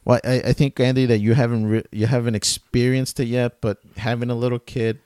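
A man's voice: medium pitch, flat delivery, brisk, darkish tone, smooth, no room sound, studio quality. A man in his thirties with young kids, co-hosting a casual chat and explaining his views at length. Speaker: podcast co-host.

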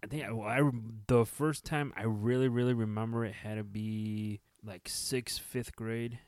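Lively man with a low voice, mixing in Spanish. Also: measured pace, no echo, studio quality. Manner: animated storytelling, drops in Spanish words. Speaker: podcast co-host. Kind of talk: casual podcast chat.

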